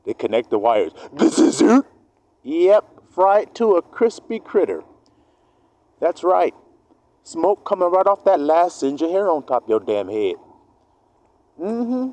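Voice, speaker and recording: Man, slightly high voice with wild swings in pitch, preaching a profane street sermon that acts out both sides of each argument. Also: sing-song, measured pace, long pauses, warm tone, no echo, poor audio. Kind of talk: street-style sermon monologue.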